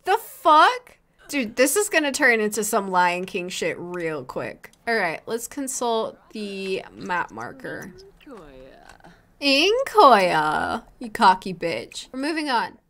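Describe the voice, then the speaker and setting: A woman's voice: mid-range voice, sing-song, takes it slowly, a bit bright. A woman hosting a casual let's play, commenting in a profane, exasperated, self-mocking way.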